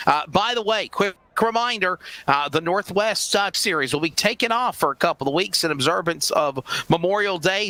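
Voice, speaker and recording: A man doing play-by-play commentary for a sim racing broadcast, upbeat with scripted announcer patter and quick asides. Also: fairly high pitch, pushed and bright, dry recording.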